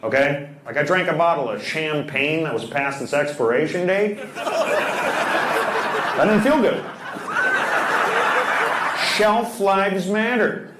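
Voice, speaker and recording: A male stand-up comedian with a slightly high voice tells jokes in a quick, matter-of-fact way. Loud noise runs under the live recording. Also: lively intonation.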